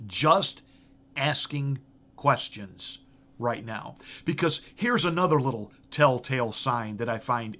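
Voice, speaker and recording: A middle-aged man speaks as a pastor in a political commentary monologue. His voice sits at a middle pitch, and he drives his points home through rhetorical questions, stumbling into repeated words as he restarts. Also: a bit bright.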